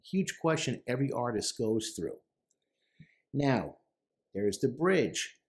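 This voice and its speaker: A middle-aged man speaks earnestly to camera as a therapist, explaining song lyrics line by line. His middle-pitched, slightly mellow voice is slow but very animated, rising with emphasis on quoted lines.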